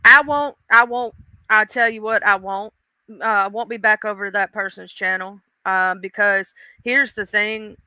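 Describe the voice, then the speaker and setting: A woman chats on her livestream, emotional and talkative as she greets viewers one by one. Her voice is very bright and smooth. It is recorded close and dry, with no room sound. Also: medium pitch, steady tone, moderate pace, no room sound. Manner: chatty, emotional, greets chat by name. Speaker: livestream host. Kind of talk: casual livestream chat.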